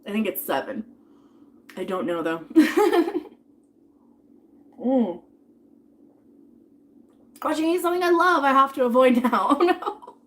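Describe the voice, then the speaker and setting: A woman's voice: high voice, animated, slow, long pauses. A woman in her thirties chatting casually on a live stream while she eats dinner, rambling, reading out viewer tips and thanking people, sometimes talking with food in her mouth.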